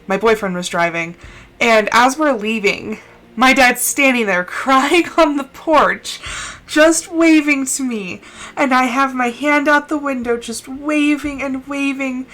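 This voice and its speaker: A woman's voice: on the high side, a bit bright, low-quality recording. A young woman streamer tells a personal story on a live stream, talking casually and crying as she goes. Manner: emotional, tearful storytelling. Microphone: desk mic, no camera.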